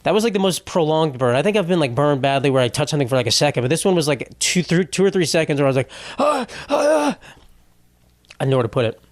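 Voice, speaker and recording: A man's voice: a little high, lively intonation, racing, few pauses, dry recording. A young man hosting a solo comedy podcast, ranting in a rambling, profane, exasperated way. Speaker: podcast host.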